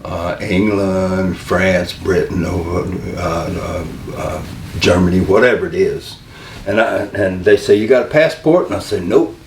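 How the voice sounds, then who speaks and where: An older man, a wrestling manager, telling stories in an interview, halting and rambling and acting out the voices of the people he quotes. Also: low voice, fairly even intonation. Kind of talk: storytelling interview. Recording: roomy room, mic a little far, faint noise.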